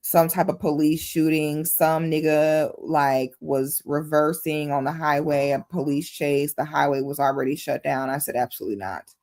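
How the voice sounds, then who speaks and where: Low-voiced woman chatting on a livestream. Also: a little slow, hardly any pauses. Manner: animated, swearing, talks straight to chat. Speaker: livestream host. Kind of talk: casual livestream chat.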